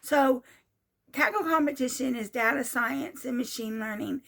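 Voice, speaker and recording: A woman's voice: high-pitched, moderate pace, vocal fry, a bit bright. A woman in her sixties telling a personal story in a casual monologue, repeating herself in an exasperated way. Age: 60s. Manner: repetitive, exasperated retelling. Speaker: vlogger.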